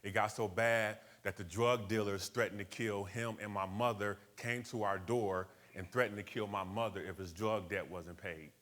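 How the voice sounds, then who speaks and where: A man's voice: lowish voice, steady tone, normal speed, few pauses, a bit bright. A man from Buffalo, USA, telling his personal story to a live audience in a conversational way, questioning the room and slipping into street slang. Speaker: motivational speaker.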